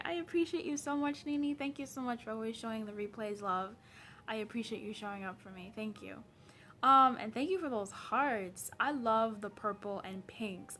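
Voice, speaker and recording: A woman's voice: a little high, fairly bright tone, a little hiss or hum. A woman from Zambia, a personal development coach, chatting on a late-night live stream, greeting viewers by name.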